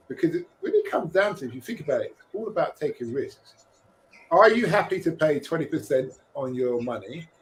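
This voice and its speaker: Brief: man, podcast co-host, lively and joking, pitched a bit high. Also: rough recording. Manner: animated, jokey, slips into quoted voices. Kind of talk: casual podcast discussion.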